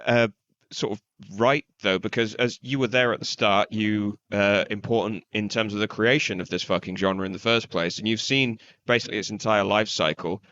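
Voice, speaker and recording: Low guy co-hosting, kinda muffled lo-fi sound, hesitant rambly chat. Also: steady tone, moderate pace, fairly bright tone. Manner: hesitant, loose, many restarts and fillers. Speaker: podcast co-host. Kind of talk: casual podcast chat.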